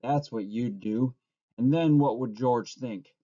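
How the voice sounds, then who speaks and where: A scornful giant rabbit mocks and taunts in a mellow, raised voice, as a man puts it on. The sound is dull and lo-fi. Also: mid-range voice, takes it slowly, no echo. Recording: dull lo-fi recording.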